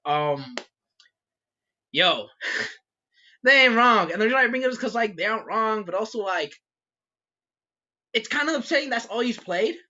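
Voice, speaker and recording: A man chatting on a podcast with a bright, animated voice that swings up and down in pitch. He laughs often, swears casually and fills his sentences with "um" and "like". The recording sounds dull and lo-fi. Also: normal speed, long pauses. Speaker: podcast co-host. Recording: muffled lo-fi recording.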